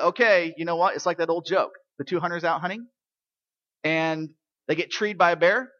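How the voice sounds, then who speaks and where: Emphatic male preacher, bright voice. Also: fairly high pitch, expressive, brisk, dry recording, dull audio. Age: adult parent. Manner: emphatic, swings from quiet to loud; storytelling with rhetorical questions. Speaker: pastor. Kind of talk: sermon.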